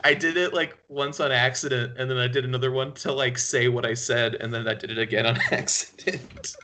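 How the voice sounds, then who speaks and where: Podcast co-host, male: crisp bright tone, loose rambling talk, quick to laugh at himself. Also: medium pitch, steady tone, a little hiss or hum. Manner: rambling, laughs often, self-deprecating. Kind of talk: casual chat.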